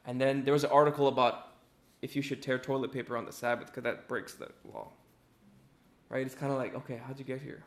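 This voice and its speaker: A man's voice: medium pitch, fairly even intonation, a little fast. A young man giving a casual, conversational sermon, often checking in with "right?" and acting out what people said. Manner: conversational, keeps asking "right?", acts out quotes. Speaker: preacher. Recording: echoey room.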